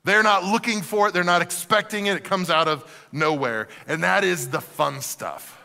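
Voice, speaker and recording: A male pastor preaching a sermon in a church, animated and shifting down to soft emphasis. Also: high voice, normal speed, gravelly. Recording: reverberant hall.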